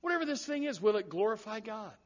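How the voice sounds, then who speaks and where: Brief: male pastor, high voice, lively sermon delivery with loud bursts, dull lo-fi church recording. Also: fast. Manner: animated preaching with repeated words and sudden loud rises.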